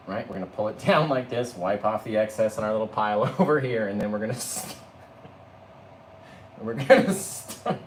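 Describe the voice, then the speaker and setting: A man leads a live painting tutorial, chatting to his viewers and walking them through each stroke. His pitch swings widely from phrase to phrase. The sound is roomy and echoey, with a faint background hum. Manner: chatty, addresses viewers as "guys"; talks through each brushstroke step by step. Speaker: painting instructor.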